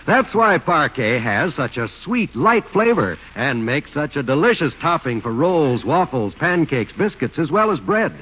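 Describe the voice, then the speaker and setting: A man announcing on a 1940s radio show, with brisk, smooth sales patter. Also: fairly high pitch, big pitch swings. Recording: dull 1940s radio recording with music.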